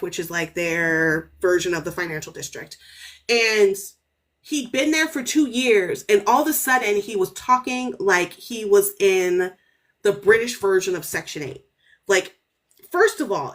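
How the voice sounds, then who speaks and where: A woman author telling stories as a podcast guest in casual, animated chat, cursing freely. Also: fairly high pitch. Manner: animated, storytelling, swears freely.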